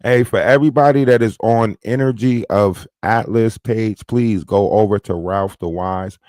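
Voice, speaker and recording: A man's voice: fairly low pitch, normal speed, darkish tone, no room sound, clean studio sound. A man hosting a live stream, ranting emphatically and repeating his points with "right?" tags. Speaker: livestream host. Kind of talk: heated live-stream rant.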